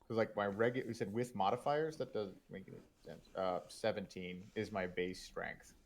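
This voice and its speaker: A man playing a tabletop game, talking in an unhurried, hesitant way with many ums. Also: lowish voice, vocal fry. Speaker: player. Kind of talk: casual tabletop game chat.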